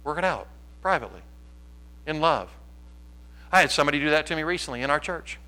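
A man preaching a sermon in his church, swinging from loud, lively delivery to quiet asides. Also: fairly high pitch, fast. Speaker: pastor.

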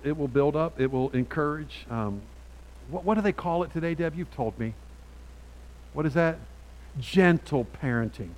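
A man preaching a sermon from a Bible passage, talking in a halting way with many restarts and frequent rhetorical "right?"s. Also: mid-range voice, slight background noise, rough recording.

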